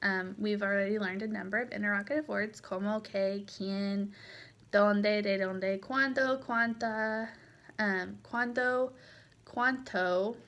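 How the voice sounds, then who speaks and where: A woman's voice: mid-range voice, gravelly, a bit bright. A woman teaching a Spanish lesson in a recorded lecture, explaining patiently with frequent fillers.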